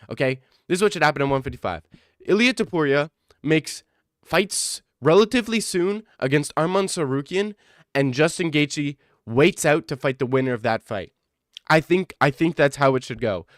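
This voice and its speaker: A man streaming in casual chat, reacting to viewers, excitable and profane, often repeating himself. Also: fairly high pitch, no room sound, studio quality.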